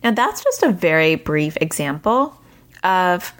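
A woman's voice: fairly low pitch, very animated, measured pace. A woman in her forties hosting a podcast, telling a family story in a chatty, self-deprecating way. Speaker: podcast host. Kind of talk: casual podcast monologue.

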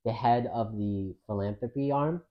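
A man co-hosting a casual podcast chat, relaxed and thoughtful, gently pushing back on points. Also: medium pitch, normal speed, muffled recording.

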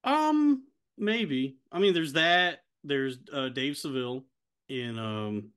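A man in his thirties co-hosting a casual podcast, laughing often and acting out quotes in a higher voice. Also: animated, takes it slowly, a bit bright, clean tone. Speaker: podcast co-host. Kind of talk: casual chat.

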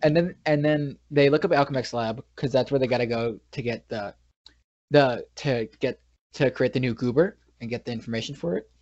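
A New York man co-hosting a podcast recaps a movie in casual chat, retelling scenes in a rambling way with frequent restarts and trailing sentences. He talks fairly quickly in a medium, darkish voice, and the recording is dull, dry and lo-fi with no echo.

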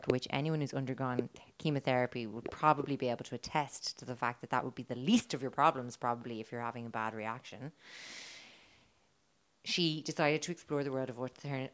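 Low-voiced chatty woman podcaster. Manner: chatty, giggly, swears freely. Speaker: podcast co-host telling the story. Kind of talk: casual podcast chat.

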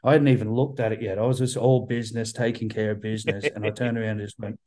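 A man's voice: on the low side, flat delivery, fast talker, warm tone. A man in a casual interview over a video call, rambling and swearing often, with many restarts. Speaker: band member guest.

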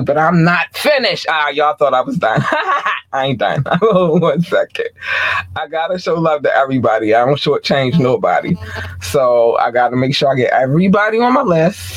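A man hosting his own podcast in a casual, playful chat, giving chatty shout-outs and laughing now and then. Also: on the high side, dry recording. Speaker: podcast host.

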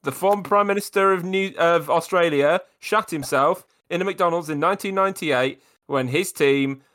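Brisk improv host calling scene changes, chatty between scenes. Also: medium pitch, fairly bright tone. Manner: brisk, cuts in with short calls. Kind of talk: game calling and podcast chat.

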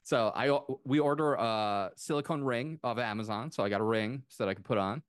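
A man in his thirties chatting on a podcast, telling a long story with enthusiastic, animated asides. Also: medium pitch, a little fast, clear, resonant tone, no echo, studio quality. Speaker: podcast co-host. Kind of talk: casual chat.

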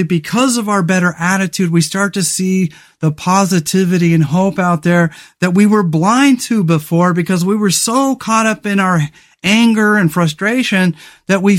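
A man hosting a solo motivational podcast, talking earnestly and rambling, with frequent restarts, fillers and the odd swear word. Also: high voice. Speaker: podcast host.

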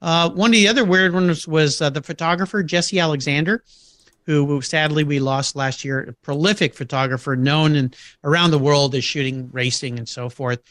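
A man's voice: fairly high pitch, fairly even intonation, moderate pace, fairly bright tone, no room sound. A middle-aged man telling anecdotes in a casual interview, acting out quoted voices and laughing often. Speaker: podcast guest.

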